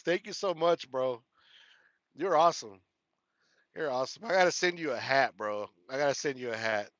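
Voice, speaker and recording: A man's voice: mid-range voice, moderate pace, long pauses, fairly bright tone, no room sound, highs cut off. A man with a Texas country twang hosting a casual live stream from his truck cab, reading viewer comments, laughing often and repeating his thanks. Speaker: trucker livestream host.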